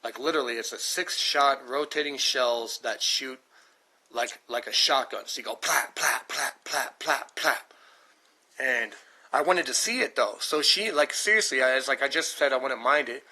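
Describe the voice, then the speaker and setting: A man in his thirties from the United States rambles casually to his stream, thinking aloud, swearing often and hammering his points home. His mid-range voice moves at a normal speed and sounds pushed and bright, with a dry throat. The audio quality is poor.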